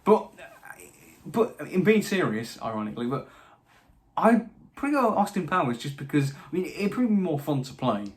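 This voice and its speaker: A man's voice: a little high, very animated, normal speed. Chatty young British man. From Britain. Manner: chatty, stumbling restarts, dry asides. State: voice slightly tired late at night. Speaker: channel host answering viewer questions. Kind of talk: casual Q&A monologue.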